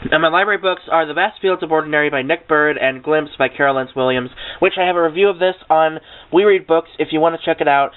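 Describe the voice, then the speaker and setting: A man's voice: on the high side, fast, hardly any pauses. Gushing young man in a tinny recording. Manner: chatty and gushing, with self-mocking asides. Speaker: book vlogger. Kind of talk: casual chat. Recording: tinny lo-fi webcam audio.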